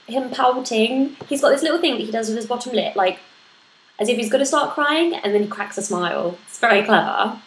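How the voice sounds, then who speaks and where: A woman, chatting casually to camera as she answers questions about motherhood, often laughing at herself. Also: medium pitch. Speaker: vlogger answering a parenting tag. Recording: echoey room with faint noise.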